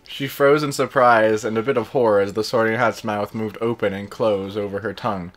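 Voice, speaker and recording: A man's voice: lowish voice, steady tone, brisk. A man reading fan fiction aloud while playing a game, in a casual, plain delivery broken by joking, distracted asides. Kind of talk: casual read-aloud over gameplay.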